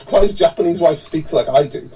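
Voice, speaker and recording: A man's voice: a little high, moderate pace, recorded from a distance, over a noisy crowd, poor audio. A man co-hosting a casual chat, rambling and repeating himself. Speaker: podcast co-host.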